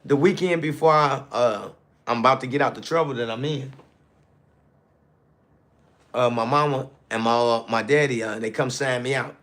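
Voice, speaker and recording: A man's voice: mid-range voice, normal speed, long pauses, a bit bright. A man telling a personal story on a live stream, calling out to his viewers and repeating lines to drive them home. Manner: repetitive, building emphasis. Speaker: landscaping business owner.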